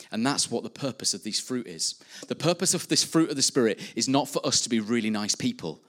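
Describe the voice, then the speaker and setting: A man's voice: on the low side, a bit bright. A man preaching a sermon, earnestly rising and dropping in emphasis. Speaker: pastor.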